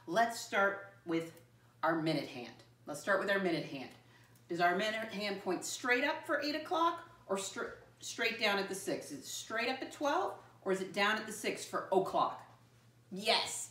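Female grade-school teacher with a fairly low, patient voice, recorded in a roomy classroom from a distance. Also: fairly bright tone. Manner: encouraging, slow and clear, spells words letter by letter. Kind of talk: classroom lesson to young children. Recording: roomy sound from a distant mic.

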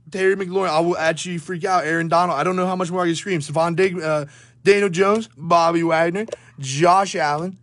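Breathless and cursing, this young man opens trading card packs on a live break, firing off player names as he goes. He speaks in a high voice, and the recording has no echo.

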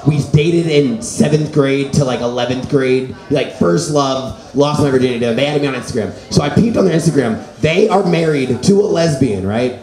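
A man's voice: medium pitch, normal speed, hardly any pauses, a little mellow. A man doing a stand-up comedy set at an open mic, rambling and filler-heavy. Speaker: stand-up comic. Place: small comedy venue with an audience. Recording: echoey room with audience noise.

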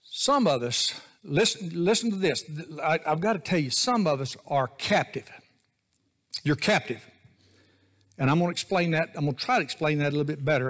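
A man's voice: fairly high pitch, animated, normal speed, fairly bright tone. Folksy preacher man. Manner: folksy, joking, conversational preaching. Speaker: associate pastor. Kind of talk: sermon.

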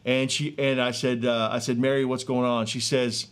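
A man in his thirties or forties, a street evangelist telling a healing testimony in an earnest, excitable way with many fillers and restarts, outdoors in a neighborhood. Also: mid-range voice, normal speed, clear, resonant tone. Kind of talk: animated testimony storytelling.

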